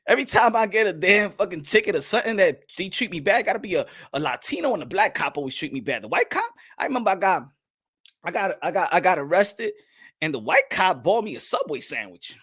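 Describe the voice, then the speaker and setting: A man hosting a boxing channel, talking loudly and profanely in a playful, laughing way. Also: sits high, big pitch swings, fairly quick, slightly rough. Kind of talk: casual livestream commentary.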